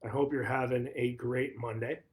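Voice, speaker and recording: A man's voice: medium pitch, little pitch movement, moderate pace. A man who manages a real estate office, talking casually on a livestream and retelling a conversation, often repeating and restarting phrases.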